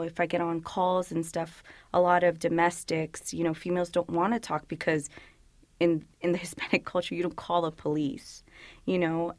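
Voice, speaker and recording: A woman's voice: on the low side, dry recording. A woman police officer whose parents are from El Salvador, chatting freely in an interview with lots of "you know" and acted-out quotes. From United States, parents from El Salvador. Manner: chatty, many fillers, acts out quoted people. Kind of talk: casual interview answers.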